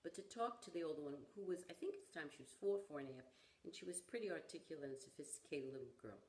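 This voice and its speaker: Low-voiced woman telling a story, roomy sound. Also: quick pace. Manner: animated storyteller who acts out the people in her stories. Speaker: parenting educator. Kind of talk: storytelling in conversation. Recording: roomy echo.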